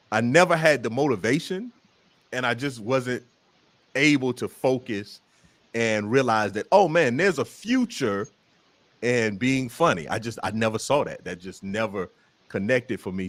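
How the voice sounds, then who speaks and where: A man's voice: medium pitch, dry recording. A man with a Southern American accent, a comedian telling jokey stories as a guest in a casual interview chat. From Southern United States. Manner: animated storyteller, jokey.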